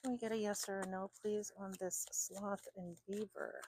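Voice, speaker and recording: A woman's voice: medium pitch, steady tone, moderate pace, background noise. A woman giving a chatty oracle card reading, thinking aloud with fillers and restarts. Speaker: tarot card reader.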